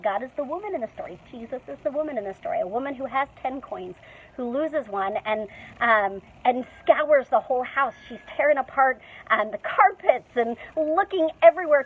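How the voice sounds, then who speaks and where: A woman's voice: a little high, slightly rough. A woman pastor preaching a conversational sermon in a church, chatty and humorous, with playful asides. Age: young adult to middle-aged mother. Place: church sanctuary. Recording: tinny phone-like sound.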